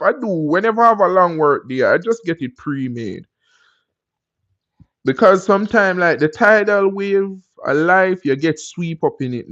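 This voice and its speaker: A Jamaican man with a slightly high voice hosts a live stream and chats loosely with his viewers. He wanders into encouraging life advice between answering comments. The audio is dull and lo-fi. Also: fairly bright tone, no echo. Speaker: livestream host.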